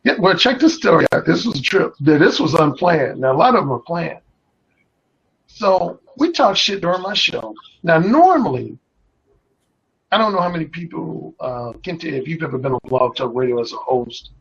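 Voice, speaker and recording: Husky, swaggering man telling stories. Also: on the high side, very animated, normal speed, a bit bright, muffled recording. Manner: bold, explicit, swaggering. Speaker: guest, radio host. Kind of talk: casual storytelling chat.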